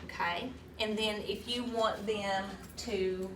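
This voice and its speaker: A woman's voice: medium pitch, fairly even intonation, slow pace. A woman leading a hands-on teaching workshop, talking casually with fillers and restarts. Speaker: teacher trainer. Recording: roomy echo, distant mic, faint room noise.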